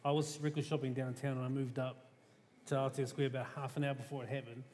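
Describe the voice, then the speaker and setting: A man's voice: mid-range voice, level tone, quick pace, a little mellow. A man with a New Zealand accent speaks on a panel in an emphatic, casual way. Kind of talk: panel discussion. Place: museum hall. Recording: reverberant hall, faint hiss.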